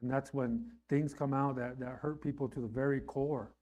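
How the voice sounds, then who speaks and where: A man's voice: mid-range voice, steady tone, normal speed, darkish tone. A man preaching a sermon in an earnest, conversational way, often checking in with his listeners. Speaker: pastor.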